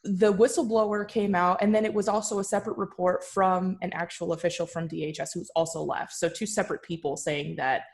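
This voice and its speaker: A woman's voice: lowish voice, steady tone, brisk, few pauses. A woman co-hosting a podcast, chatting casually about politics, with lots of fillers and hedges. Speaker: podcast co-host.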